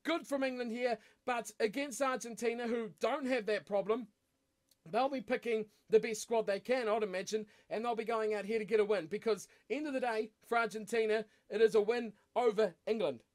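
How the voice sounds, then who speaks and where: A man's voice: extremely high pitch, steady tone, a little fast. A man with a New Zealand accent talking through his rugby match predictions in a chatty, rambling way, with frequent fillers and restarts. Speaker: rugby channel host.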